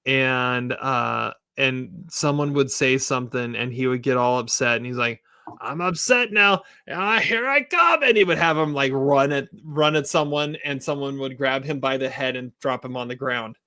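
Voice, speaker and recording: A man co-hosts a casual TV review podcast, talking in a rambling, chatty way. His voice is gravelly and bright, sitting at a middle pitch. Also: steady tone, moderate pace. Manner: rambling, chatty, laughs often. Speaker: podcast co-host and teacher.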